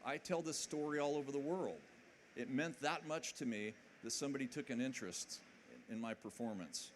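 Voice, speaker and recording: A man's voice: mid-range voice, moderate pace, a little hiss or hum. Upbeat man giving a conference talk. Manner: energetic, jokey, keeps asking the audience questions. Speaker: conference speaker. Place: conference hall with live audience.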